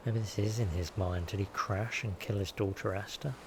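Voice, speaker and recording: Streamer, gravelly low voice, chatty and rambling, noisy audio. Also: male voice, steady tone, normal speed. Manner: chatty, rambling, self-deprecating. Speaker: game streamer. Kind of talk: casual live-stream commentary.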